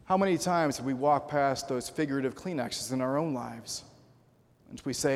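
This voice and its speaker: A man's voice: mid-range voice, normal speed. Preaching man in a reverberant hall. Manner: storytelling, acts out quoted voices. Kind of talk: sermon with personal story. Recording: long reverb of a large hall.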